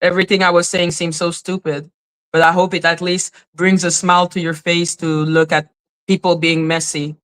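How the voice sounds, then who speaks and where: Give me a woman with a slightly low voice, chatting on a livestream, heartfelt and sweary. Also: flat delivery, normal speed. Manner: emotional, swears freely, softly apologetic. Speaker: livestream host reading chat. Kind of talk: casual livestream chat.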